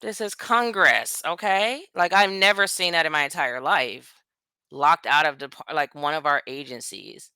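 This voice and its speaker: A woman's voice: deep voice, sharp tone, clean tone, dry recording. A woman from the United States talking straight to her viewers in a blunt, profane, rambling political rant. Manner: blunt, profane, ranting, quick asides. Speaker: vlogger. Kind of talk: casual political commentary to camera.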